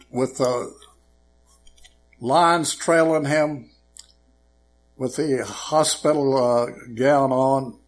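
A male preacher telling folksy jokes and stories in an unhurried sermon, with frequent fillers. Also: fairly high pitch.

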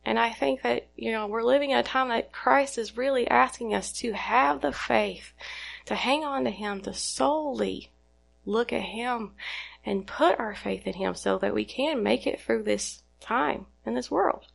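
A woman's voice: on the high side, a little slow, gravelly. A woman preaching a sermon in an earnest way, putting questions to her listeners and retelling scripture.

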